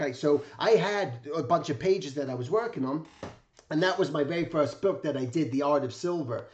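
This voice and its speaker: Enthusiastic man with a fairly high voice. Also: brisk, a little mellow. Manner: enthusiastic, rambling, awestruck. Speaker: illustration teacher and host. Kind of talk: casual spoken storytelling.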